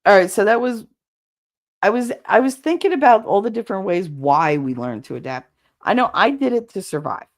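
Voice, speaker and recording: A middle-aged woman hosting a casual livestream, talking bluntly with plenty of swearing and quick laughs while she chats with viewers. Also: medium pitch, expressive. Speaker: livestream host.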